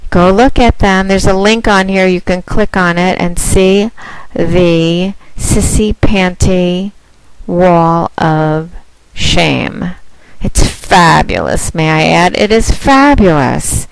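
A woman speaking in a slow, teasing and commanding way in a recorded promotional monologue. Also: fairly low pitch, gravelly, clear, resonant tone, no room sound, rough recording. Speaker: phone-sex operator.

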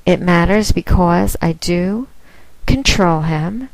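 Slow, commanding woman with a smooth voice. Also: lowish voice, animated, no echo, rough recording. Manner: commanding, teasing, unhurried. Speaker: phone domination mistress promoting her line. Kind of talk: casual monologue to a listener.

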